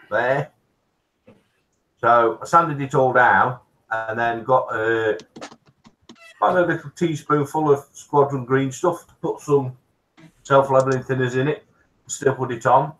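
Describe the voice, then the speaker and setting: A man on a casual live stream, explaining his model building in halting, rambling talk. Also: medium pitch, fairly bright tone, low-quality recording. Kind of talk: casual chat.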